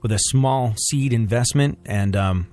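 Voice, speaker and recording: A man hosting a comedy news podcast, rambling and excitable, with many restarts. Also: medium pitch, measured pace. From United States. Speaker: podcast host.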